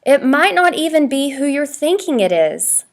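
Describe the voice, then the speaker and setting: A woman's voice: high voice, big pitch swings, normal speed, pitched above the performer's own voice. A woman voicing a firm, scolding mother in a read-aloud storybook.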